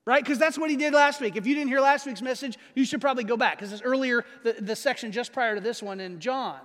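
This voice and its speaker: A man pastor giving a conversational sermon, stressing key phrases by slowing down and checking in with his listeners. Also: very high voice, a bit bright. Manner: conversational, asks the audience questions. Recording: long reverb of a large hall.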